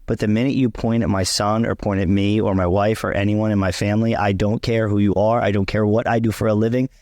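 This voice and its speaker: A man's voice: lowish voice, level tone, fast talker, a little mellow, no echo. A young man co-hosting a casual chat, talking bluntly and emphatically, swearing freely and repeating himself for emphasis. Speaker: vlog co-host.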